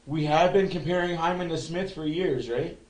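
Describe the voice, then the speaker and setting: A man hosting a fan livestream, giving excitable casual commentary and chat, often repeating himself and swearing. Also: fairly high pitch, moderate pace, reverberant, rough recording.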